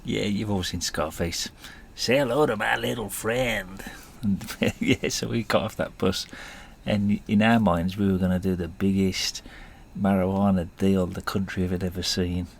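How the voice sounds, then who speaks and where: A man's voice: low voice, little pitch movement, normal speed, creaky, few pauses, a little hiss or hum. A man, telling stories in a rambling, self-deprecating way and chuckling often. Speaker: podcast host. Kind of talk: casual storytelling monologue.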